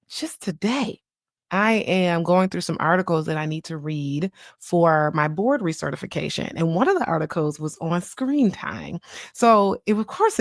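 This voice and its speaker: A woman in her thirties hosting a podcast as a child psychiatrist, talking in a chatty, animated way and laughing easily. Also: on the low side, dry recording, studio quality. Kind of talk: casual solo podcast talk.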